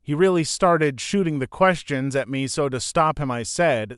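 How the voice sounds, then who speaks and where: A man reading a novel aloud as audiobook narrator, in a plain, steady first-person storytelling manner. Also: fairly high pitch, normal speed, few pauses, smooth, no room sound, studio quality.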